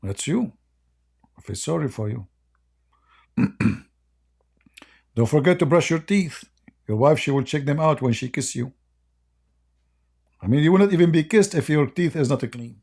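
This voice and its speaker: A man's voice: a little high, expressive, a little slow, gravelly, pauses often, darkish tone. A man whose first language is Arabic, speaking in a rambling, joking and mocking way with broken English. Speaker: online commentator. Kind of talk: casual joking monologue.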